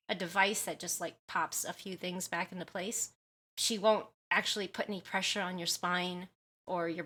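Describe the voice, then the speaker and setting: A bright-voiced woman from the US West Coast streams a game and chats loosely with her viewers. She giggles often and reads their messages aloud as she goes. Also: mid-range voice. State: has a headache. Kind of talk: casual livestream chat.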